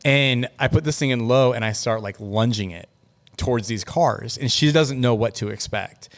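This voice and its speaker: A man as a guest on a car talk show, telling stories in a rapid, animated way with lots of fillers. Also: medium pitch. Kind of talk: casual interview chat.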